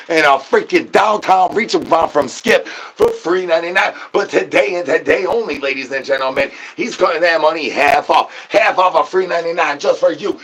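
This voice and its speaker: A man doing an absurd comedy rant to his chat, spilling rhyming nonsense patter with rapid stuttered repetitions. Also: fairly high pitch, a bit bright, husky. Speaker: streamer.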